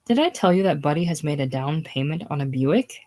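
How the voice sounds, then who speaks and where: A woman's voice: low voice, animated, brisk, darkish tone. A woman reading the part of a bossy, fussing older woman in a casual play reading.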